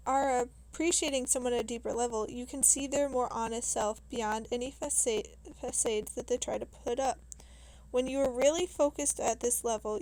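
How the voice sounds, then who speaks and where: A calm, knowing woman who explains things matter-of-factly, read aloud by a woman narrator. Her voice is fairly high and unhurried. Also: lightly acted, rough recording.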